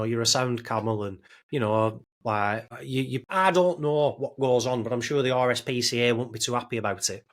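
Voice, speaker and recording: A man, co-hosting a podcast, telling travel stories in casual chat, swearing freely and acting out quoted lines. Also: mid-range voice. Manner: animated storyteller, swears freely, acts out quotes. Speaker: podcast co-host.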